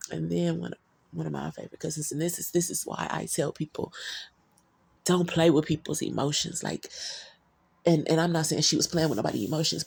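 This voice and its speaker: A woman's voice: low voice, gravelly, darkish tone, breathy edge. A woman talking casually into her phone camera, telling personal stories in a rambling, candid, profane way, full of slang. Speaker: vlogger.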